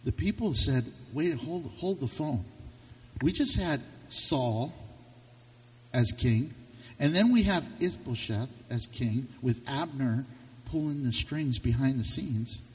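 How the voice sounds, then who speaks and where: A man preaching a sermon with passion, his voice swinging from loud to hushed. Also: medium pitch, animated, slow pace. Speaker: pastor. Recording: reverberant hall, distant mic.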